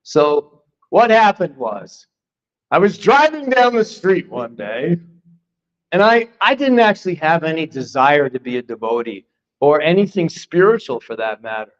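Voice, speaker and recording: Animated older man telling his story. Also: on the high side, unhurried. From Philadelphia, United States. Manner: animated, acts out his own past lines. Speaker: spiritual teacher giving a class. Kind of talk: personal storytelling in a class talk. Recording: dull lo-fi recording.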